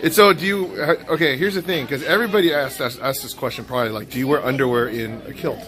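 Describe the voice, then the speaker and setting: A man's voice: mid-range voice, fast talker, fairly bright tone. A man hosting his vlog, asking eager questions in a chatty, laughing way. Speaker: vlog host. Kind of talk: casual interview. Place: restaurant. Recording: noisy crowded restaurant.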